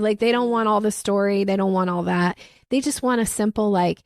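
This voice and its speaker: A woman sales coach answering interview questions in an animated way, acting out the speech she quotes. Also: medium pitch, moderate pace, dry recording, clean studio sound.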